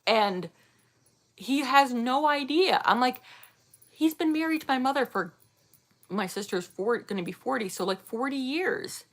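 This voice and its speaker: A woman's voice: high voice, expressive, unhurried. A woman in her thirties chatting casually with her viewers, rambling and laughing often. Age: 30s. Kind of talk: casual chat reading viewer comments.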